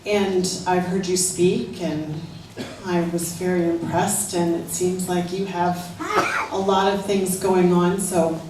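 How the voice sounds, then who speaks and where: Female audience questioner from California, flat delivery, echoey and noisy. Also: lowish voice, slow pace. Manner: plain, direct questioner. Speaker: audience member asking a question. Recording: very echoey hall from far off, noisy.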